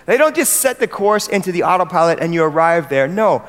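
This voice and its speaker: A high-pitched American man preaches to fellow church leaders in an earnest, emphatic way, often putting questions to the room. His voice rings out with a long echo through a large hall. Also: very animated, a little fast. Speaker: pastor addressing church leaders. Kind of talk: sermon.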